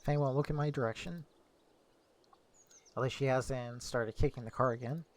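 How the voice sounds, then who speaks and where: A man's voice: medium pitch, steady tone, normal speed. A young man streaming, reading a visual novel aloud casually, correcting his slips as he goes.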